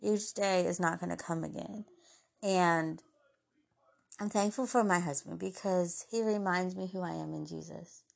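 A woman hosting a podcast, giving an earnest, heartfelt, faith-based talk of encouragement that often softens into gentle asides. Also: lowish voice, fairly even intonation, unhurried, gravelly. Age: adult mother. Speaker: podcast host.

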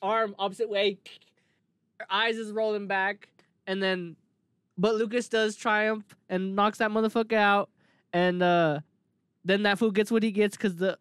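Young guy with a high voice, super animated, cussing and laughing while he recaps stuff, dry close sound. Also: measured pace, clear, resonant tone, dry recording. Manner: animated retelling, swears freely, laughs often. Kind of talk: casual chat.

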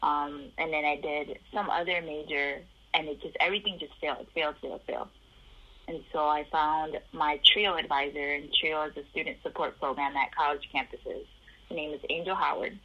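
Low husky woman telling her story. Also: moderate pace, highs cut off. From Chicago area. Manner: animated, acts out the voices of people in her story. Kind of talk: personal storytelling in an interview.

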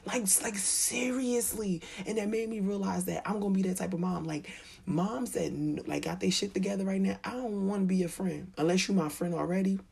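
A woman chatting casually about motherhood, candid and profane, with a very raspy voice and animated, slangy asides. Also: deep voice. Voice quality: very raspy, husky. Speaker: mom telling stories about parenting. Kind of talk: casual storytelling chat.

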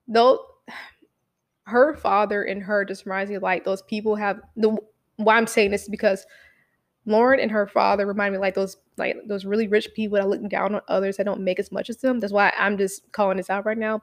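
A young woman casually telling a story, swearing freely and acting out what people said in lively bursts. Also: mid-range voice, moderate pace. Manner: animated, profane, acts out quotes.

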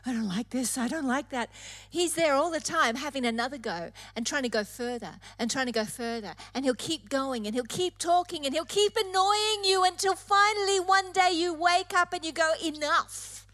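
High-voiced woman preaching a sermon. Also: normal speed, hardly any pauses, fairly bright tone. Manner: emphatic, repeating phrases for effect.

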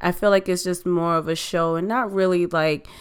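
A woman hosting a podcast in casual chat, her voice slightly hoarse and still recovering, speaking in a conversational, reflective way. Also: lowish voice, steady tone. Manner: conversational, reflective, drawn-out delivery. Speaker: podcast host.

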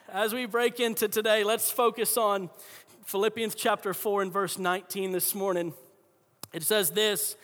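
A man's voice: high-pitched, normal speed, pushed and bright, long reverb tail. A man pastor preaching a sermon in a conversational, storytelling way, often restarting his sentences.

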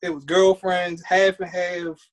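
A woman co-hosting a podcast, full of animated storytelling. She slips into other people's voices to act out everyday scenes, then returns to her casual chat. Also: lowish voice, measured pace. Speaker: podcast co-host.

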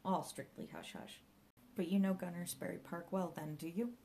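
A woman's voice: fairly low pitch, fairly even intonation, a little fast, dark tone, slight background noise, natural voice. A woman reading an audiobook and voicing a knowing, probing male police inspector. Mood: sly. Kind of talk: audiobook character voice.

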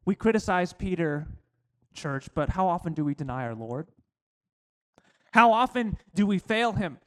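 A male pastor preaching a sermon, slowing down to stress key phrases. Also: animated, fairly bright tone. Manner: preaching with slowed, emphatic phrases and dropping to a low voice for quotes.

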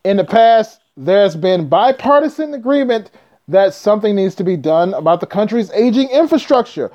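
Male trucking vlogger, high lively voice, reads news with cursing commentary, muffled recording. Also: normal speed. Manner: reads news aloud with blunt, profane asides. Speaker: trucking video host. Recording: dull lo-fi sound.

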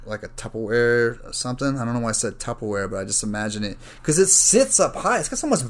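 A man hosting a solo podcast, rambling casually and thinking out loud, with plenty of swearing and filler words. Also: medium pitch, animated, fast talker. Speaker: podcast host.

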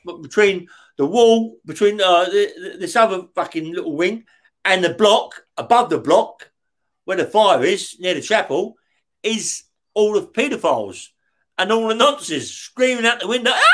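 A man's voice: high-pitched, fairly bright tone. A middle-aged man telling stories in an interview, swearing constantly, laughing as he goes and checking in with "yeah?". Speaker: interview guest, former career criminal. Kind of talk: storytelling in an interview.

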